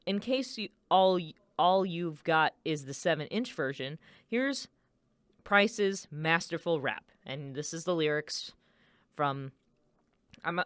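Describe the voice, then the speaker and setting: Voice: medium pitch, a bit bright, smooth, no echo, studio quality. A radio DJ chatting casually, rambling with many fillers and self-corrections. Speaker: radio DJ host.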